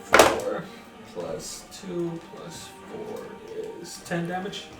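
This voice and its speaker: Player, male, raised pitch, heard from across an echoey room, loud music in the mix. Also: level tone, drawn-out words, distant mic. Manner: matter-of-fact, reads out rolls and plans his moves. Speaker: tabletop game player. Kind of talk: casual game chat.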